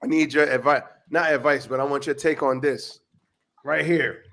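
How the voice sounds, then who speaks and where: A man hosting a podcast in casual, profane chat, laughing a lot, his voice still getting over hoarseness. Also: mid-range voice, fairly even intonation, normal speed, fairly bright tone. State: voice recovering from hoarseness. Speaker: podcast host.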